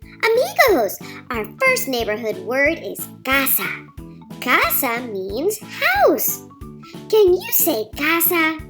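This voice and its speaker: A woman's voice: high voice, fairly bright tone, exaggerated voice. A woman doing Rosie, sing-song girl teacher. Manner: sing-song, encouraging, slow and clear for small kids. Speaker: teacher of Spanish words. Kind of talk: children's bilingual lesson. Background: children's music.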